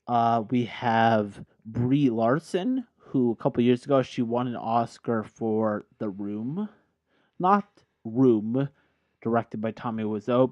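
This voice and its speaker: A tipsy man rambles through a casual podcast chat, catching and correcting his own slips. His voice sits at a middling pitch and comes through a dull, lo-fi recording in a dry room. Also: no room sound. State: tipsy from drinking. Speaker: podcast host. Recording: dull lo-fi sound.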